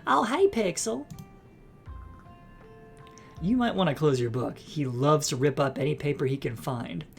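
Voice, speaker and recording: A man voicing a friendly, polite young woman in a narrative game, raising his voice higher. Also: lively intonation, unhurried, creaky, soft background music.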